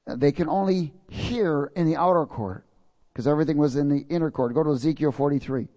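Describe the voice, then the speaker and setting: A man's voice: fairly high pitch, brisk, mellow. A man preaching a sermon in a folksy way, reading scripture and checking in with his congregation.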